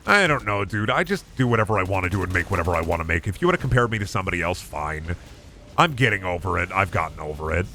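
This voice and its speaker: A man's voice: low voice, lively intonation, quick pace, pushed and bright, slight background noise. A man streaming a video game, chatting and swearing casually, often with an upward inflection. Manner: chatty, rambling, swears freely. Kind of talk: casual gameplay commentary.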